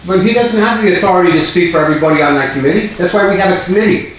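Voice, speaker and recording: A man's voice: sits high, racing, slight background noise. Combative man at a board meeting. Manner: combative, interrupting, sarcastic. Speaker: library board member. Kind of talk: heated board meeting argument. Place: library meeting room. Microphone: distant camera. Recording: echoey room from a camera.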